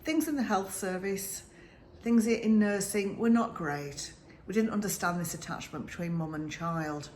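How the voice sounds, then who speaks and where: A woman in her fifties from the north of England, a sleep consultant telling a personal story in an earnest, halting way that turns emotional. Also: mid-range voice, a little mellow, slight background noise. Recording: roomy echo with faint ambience.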